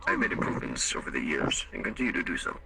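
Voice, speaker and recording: A man voicing a formal augmented alien with servos, speaking in a measured, clipped way in a live role-play. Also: deep voice, huge pitch swings, gravelly, pushed and bright, heavily acted. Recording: distant mic with faint music.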